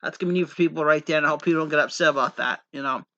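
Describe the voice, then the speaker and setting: High, sharp-voiced rambling man vlogger. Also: rapid-fire, highs cut off. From Pennsylvania coal region, USA. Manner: rambling, repetitive, earnest, many false starts. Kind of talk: casual rambling monologue to camera.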